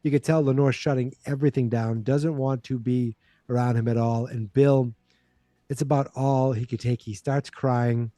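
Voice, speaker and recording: A man's voice: mid-range voice, fairly even intonation, moderate pace, warm tone, no room sound, clean studio sound. A man hosting a podcast, animatedly recapping a TV episode in casual chat and acting out the characters' lines. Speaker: podcast host.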